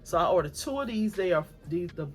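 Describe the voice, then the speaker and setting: A woman's voice: fairly low pitch, animated, brisk, soft background music. A woman vlogger chatting casually and effusively to her viewers at home while showing off home decor items. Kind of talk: casual haul chat to camera.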